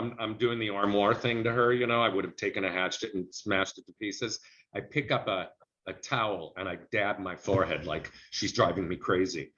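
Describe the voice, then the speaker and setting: A middle-aged man, an actor being interviewed, telling lively anecdotes in casual conversation and acting out the people he quotes. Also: on the low side. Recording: dull lo-fi recording.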